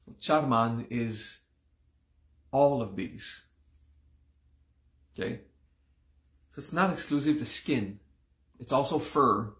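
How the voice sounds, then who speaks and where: A man teaching a live-streamed class, slow and deliberate, repeating each term several times, sounding like he has only just woken up. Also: medium pitch, a bit bright, roomy sound. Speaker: yoga teacher.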